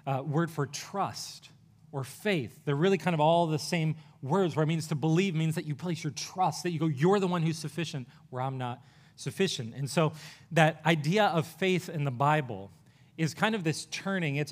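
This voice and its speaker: A male pastor preaching a sermon in an earnest, conversational way, rushing through some phrases and slowing on others. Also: a little high. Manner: earnest, conversational preaching with quick bursts and pauses.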